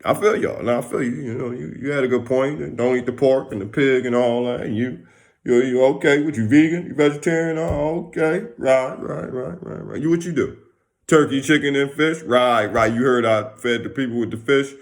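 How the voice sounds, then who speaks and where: A man voicing a calm, easygoing male teacher who settles an argument in a laid-back, slangy way. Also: mid-range voice, moderate pace, gravelly, close to an everyday voice.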